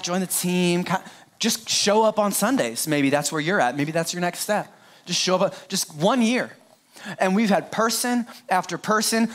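A middle-aged man preaching an Easter sermon in a high voice. He speaks straight to the congregation and often breaks off into playful jokes. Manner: playful, joking asides, talks straight to the congregation. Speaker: pastor.

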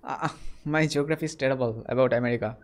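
A man's voice: medium pitch, very fast. A young man from India with an Indian accent, chatting casually with strangers on a video chat site, friendly, with frequent mm-hmms. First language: not English.

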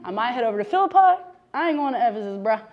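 A woman's voice: on the high side, very animated, racing, muffled recording. A woman voicing a reluctant, stubborn young man refusing to go back.

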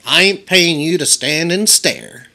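A man's voice: a little high, expressive, unhurried, bright, forceful tone, voice pushed up, heavily acted. A man voicing a stern, bossy old farm woman who barks orders and scolds. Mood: scolding.

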